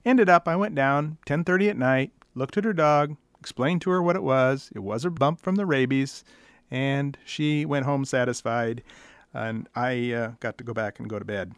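A man's voice: medium pitch, normal speed, clean tone, no echo. A middle-aged man, a veterinarian, telling dry, wry stories about the questions his callers ask. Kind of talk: storytelling monologue.

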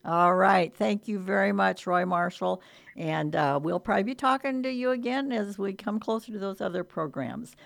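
A woman's voice: medium pitch, moderate pace, vocal fry. A woman hosting a local radio interview, chatty and friendly with her guest. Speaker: radio host.

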